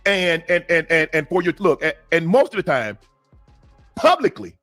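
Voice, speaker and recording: A man's voice: on the high side, sing-song, normal speed, fairly bright tone, soft background music. A middle-aged man, a former football player, co-hosting a casual sports talk show and making emphatic points that often start with repeated words.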